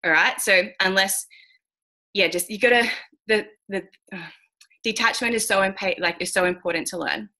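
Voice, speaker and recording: A woman guest on a call gives a candid motivational talk, mentoring traders in a frank, blunt way with occasional swearing and lots of fillers. Her mid-range voice is bright and forceful, at a moderate pace.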